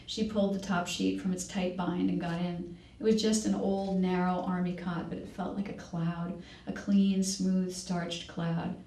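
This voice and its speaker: A woman reading her novel aloud at a public library event. She reads at a measured pace and now and then corrects herself. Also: on the low side, little pitch movement, warm tone. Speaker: author reading. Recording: echoey room, distant mic.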